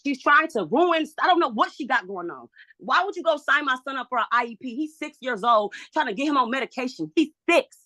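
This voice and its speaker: A woman's voice: high-pitched, lively intonation, fairly quick, sharp tone, no echo. A woman testifying in a custody hearing, agitated and pleading, repeating herself out of frustration. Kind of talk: emotional courtroom testimony.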